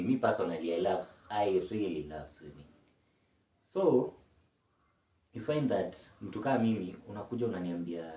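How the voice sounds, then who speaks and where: A man's voice: lowish voice, mellow, far from the mic. A man explaining a topic in a casual, chatty way, with jokey asides. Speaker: mental health explainer. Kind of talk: casual educational talk. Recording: roomy sound from off-mic.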